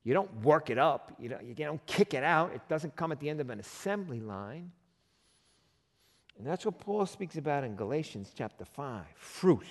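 Animated preaching man in a reverberant hall. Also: a little high, moderate pace. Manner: animated, conversational preaching with rhetorical questions. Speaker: pastor. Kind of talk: sermon.

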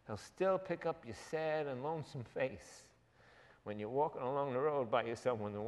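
A man preaching a sermon as pastor, animated and jokey, with quick asides to the congregation. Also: medium pitch, big-room sound. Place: church hall.

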